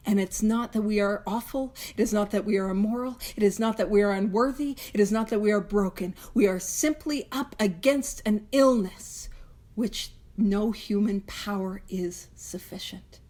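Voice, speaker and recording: A young woman with a somewhat high voice leads a recovery book study. She talks in a casual, heartfelt way. She often repeats her phrases and laughs lightly as she goes. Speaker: podcast host leading a recovery book study.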